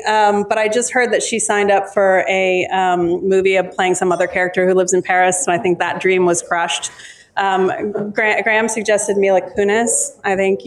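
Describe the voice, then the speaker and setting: Chatting before a live crowd at the launch of her book, a woman author with a medium-pitched voice keeps stopping to say um. She frequently starts her sentences over.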